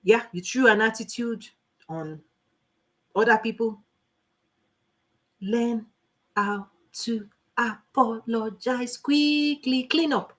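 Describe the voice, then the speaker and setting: Animated Nigerian woman coaching. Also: a little high, slow, long pauses. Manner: animated, preachy, laughs often. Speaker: life coach. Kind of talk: live online coaching class.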